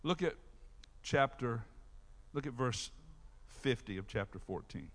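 A man preaching a sermon as pastor, talking straight to his congregation in an animated way. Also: medium pitch, unhurried. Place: church sanctuary. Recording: long reverb of a large hall.

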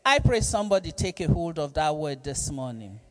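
A male pastor preaching a sermon, reading scripture and calling on the congregation to repeat after him in a slow, emphatic manner. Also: on the high side, sing-song. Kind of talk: sermon with call-and-response.

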